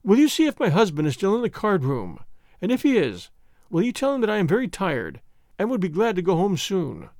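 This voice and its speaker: A man voicing a proud, strained noblewoman who speaks in an even, mechanical tone. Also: sits high, a little fast, no echo, clean studio sound, heavily acted. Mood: pleading politely. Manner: even, mechanical, quiet delivery.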